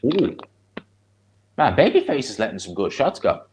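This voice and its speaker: A man's voice: medium pitch, big pitch swings, moderate pace, a little mellow. A man with a Dublin Irish accent giving casual live commentary on a fight and chatting with viewers in a blunt, rambling way. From Ireland. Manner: chatty, blunt, answers chat between fight reactions. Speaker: streamer hosting a live watch-along.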